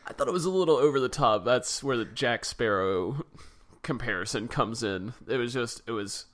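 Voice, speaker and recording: A man's voice: mid-range voice, animated, normal speed, a bit bright. A man co-hosting a podcast, chatting casually about a film, laughing often and sounding critical and exasperated. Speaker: podcast co-host. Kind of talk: casual film review chat.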